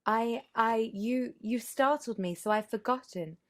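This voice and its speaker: A woman voicing a shy young governess who is guarded and sly, speaking hesitantly and softly. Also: mid-range voice, unhurried, lightly acted. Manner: hesitant and soft.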